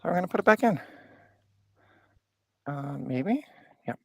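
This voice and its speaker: A woman talks through her hands-on tinkering in a casual live stream, playful and chatty. Her voice swings widely in pitch and carries some gravel, and the mic sound is close and dry. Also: lively intonation, unhurried, dry recording. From Canada. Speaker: streamer hosting a hardware repair stream. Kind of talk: casual live-stream chat while working. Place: home workbench.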